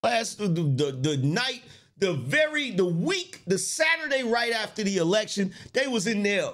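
A man's voice: sits high, very animated, normal speed, fairly bright tone. A man hosting a podcast, giving casual political commentary in a mocking way, repeating his lines and laughing often. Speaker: podcast host.

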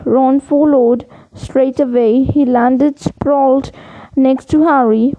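Give me a woman with a high, light voice reading a children's storybook aloud. She takes her time and sometimes stumbles over a word. The recording sounds dull and lo-fi. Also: fairly even intonation, dark tone. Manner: unhurried, slightly halting reading. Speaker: audiobook reader.

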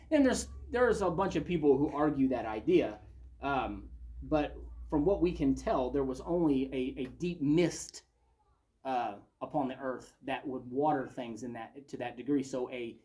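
A man's voice: on the high side, darkish tone. A man leading a Bible study, reading passages aloud and commenting on them in a conversational way.

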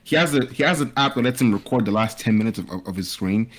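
A man from Nigeria, a podcast guest chatting in a relaxed, encouraging way. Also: fairly low pitch, quick pace. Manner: relaxed, encouraging, short affirmations. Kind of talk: casual conversation.

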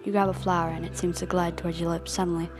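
Young woman, storyteller, second-person narration, dramatic, lowish voice, background music. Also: little pitch movement, fast talker. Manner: dramatic, questioning, earnest.

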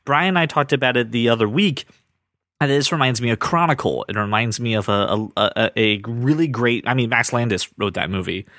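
A man's voice: mid-range voice, fairly quick, a bit bright, dry recording. A male podcast host chatting casually, full of enthusiasm, circling back and restarting his sentences. His voice sits mid-range and sounds close and dry, with no room around it. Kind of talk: casual chat.

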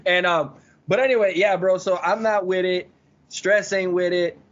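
A man's voice: high voice, moderate pace, a bit bright, highs cut off. A man co-hosting a podcast, playful and teasing in a casual group chat. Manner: playful, teasing, laughs often. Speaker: podcast co-host.

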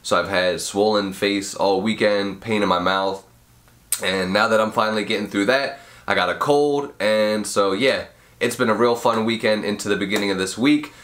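A man's voice: on the low side, fairly even intonation, moderate pace, fairly bright tone. Sick young man with a stuffy nose. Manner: mumbly, can't fully open mouth. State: sick with a cold, sniffling, nasal. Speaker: podcast host. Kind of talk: casual advice podcast.

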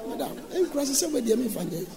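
A man preaching a sermon, moving between speech and sung shouting. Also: extremely high pitch, very animated, fast talker, vocal fry, a loud crowd, very noisy.

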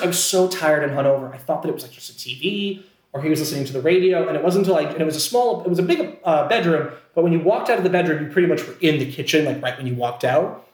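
A man's voice: on the high side, roomy sound. A man telling a long story in casual chat, rambling, with many fillers and restarts. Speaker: podcast co-host telling a story.

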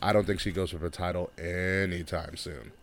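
A man co-hosting a casual chat, talking in a measured, analytical way. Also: deep voice, fairly even intonation, a little hiss or hum. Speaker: podcast co-host.

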